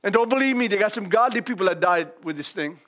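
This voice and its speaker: In an animated, high-pitched, fairly bright voice at a quick pace, a man with a Cajun accent preaches folksily. He often breaks into hallelujahs and cries of praise God, with frequent chuckles between his lines.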